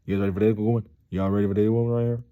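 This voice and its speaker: A man's voice: on the low side, little pitch movement, racing, clean tone, phone-quality sound. A young man talking casually to his viewers in a rambling, slangy vlog monologue, full of fillers and calling people "dude". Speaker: vlogger.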